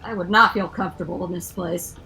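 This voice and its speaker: A woman co-streamer chats casually during a game, throwing in wry jokes. Her voice is bright and forward, at an ordinary middle pitch, with faint game music behind. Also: fairly even intonation, brisk, gravelly, rough recording. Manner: wry, joking commentary. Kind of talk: casual chat while gaming.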